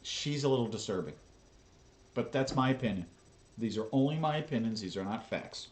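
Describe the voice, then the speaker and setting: A man's voice: medium pitch, expressive, brisk, echoey room, a little hiss or hum. A man hosting a reaction video, talking casually with blunt, profane asides.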